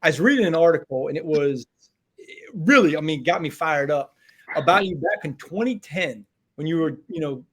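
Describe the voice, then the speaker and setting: A man hosts an interview show and stumbles over repeated words as he leads into his questions. He sounds keen and chatty. His voice sits somewhat high for a man. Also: animated, fairly bright tone, slightly rough. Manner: halting, stammering repeats, enthusiastic. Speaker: podcast host. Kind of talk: interview podcast hosting.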